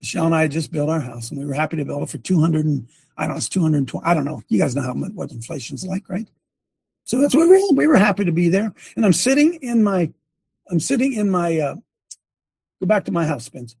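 A man's voice: fairly high pitch, sing-song, quick pace, vocal fry, a little mellow, slightly rough, no echo. An older man and former coach giving a sermon-like testimony, telling it emphatically with many repeats and restarts. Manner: breaks off to direct a helper at a screen.

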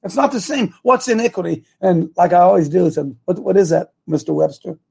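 A man's voice: high-pitched, a little fast, creaky, mellow, husky. A man hosting a live talk show, rambling and losing his train of thought as he speaks.

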